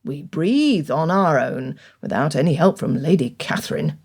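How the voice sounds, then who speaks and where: A woman reading an audiobook, voicing a stern older male country gentleman with dry, cutting wit and measured speech. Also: a little high, animated, slightly rough, voice pushed down. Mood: irritated.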